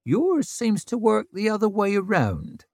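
A woman's voice: medium pitch, very animated, unhurried, mellow, dry recording, clean studio sound, voice pushed up. Man playing a mocking blunt hill woman. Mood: wry. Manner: wry, lecturing, rough country grammar.

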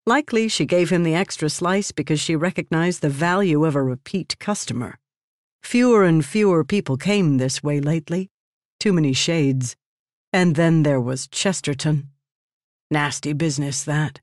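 A woman narrating a fantasy story in a measured, even way. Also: sits low, no room sound, clean studio sound.

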